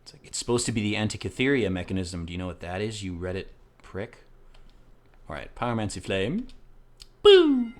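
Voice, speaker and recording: A man hosting a let's play, rambling through casual, profane gameplay commentary with excitable outbursts. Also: deep voice, a little fast.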